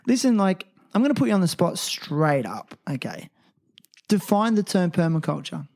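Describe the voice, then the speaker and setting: A man's voice: high voice, very animated, normal speed, vocal fry, darkish tone. A man hosting a casual podcast, playful and teasing, reading sponsor ads with enthusiasm. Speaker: podcast host. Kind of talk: casual podcast chat with ad reads.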